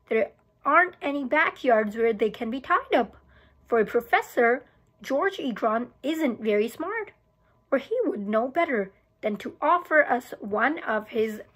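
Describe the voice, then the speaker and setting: A woman teacher reads a children's novel aloud, keeping a steady storytelling pace with small stumbles and restarts. Her voice sits high and has a husky, airy texture. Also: unhurried.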